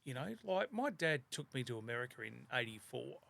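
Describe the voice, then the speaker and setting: An Australian man in his fifties, a podcast guest telling lively stories in casual chat and laughing often. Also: medium pitch, fairly quick, vocal fry. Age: 50s.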